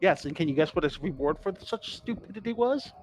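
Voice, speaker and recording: A man's voice: sits high, animated, fairly quick, poor audio. A man hosting a casual lore podcast, enthusiastic and profane, quizzing his co-hosts. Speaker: podcast host.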